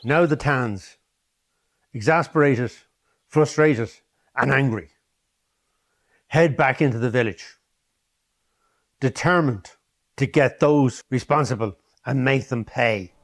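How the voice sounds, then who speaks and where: A man narrating a documentary story in measured, short phrases. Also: mid-range voice.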